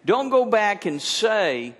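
Middle-aged male pastor, sermon, husky voice, slow unhurried delivery, earnest with emphatic repeats, long church reverb. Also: high voice, very animated, a bit bright. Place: church service.

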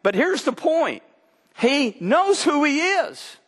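Animated older preacher in a reverberant hall. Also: male voice, very high voice, slow. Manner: folksy storytelling preacher, voice rising and dropping for emphasis. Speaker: pastor. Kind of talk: sermon.

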